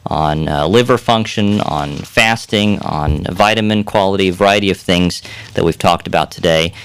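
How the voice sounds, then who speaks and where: A man's voice: low voice, normal speed, clean tone. A man co-hosting a radio health show as a doctor, easygoing and chuckling, talking through his points with fillers, recorded on a studio mic. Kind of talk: casual radio chat.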